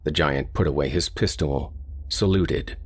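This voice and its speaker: A man narrates a short story in a steady, deliberate manner. His voice is very deep and noticeably husky. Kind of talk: audiobook reading of a short story.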